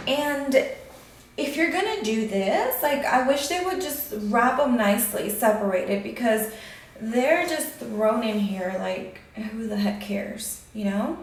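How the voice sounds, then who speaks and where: A woman's voice: fairly high pitch, lively intonation, takes it slowly. A woman talking through an unboxing vlog in a casual, annoyed, complaining way, with many fillers. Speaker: vlogger. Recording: very echoey room, voice from a distance.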